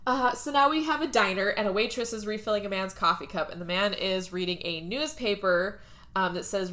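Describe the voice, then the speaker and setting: Giggly, bright-voiced young woman. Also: mid-range voice, fairly quick. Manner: giggly, animated storyteller. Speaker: podcast co-host. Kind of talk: casual movie recap.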